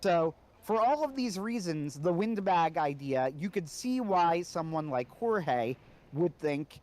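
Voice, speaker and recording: Man, co-host, casual podcast chat, slightly higher voice, keeps asking "right?". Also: expressive, slow, a little mellow. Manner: conversational, keeps checking in with "right?".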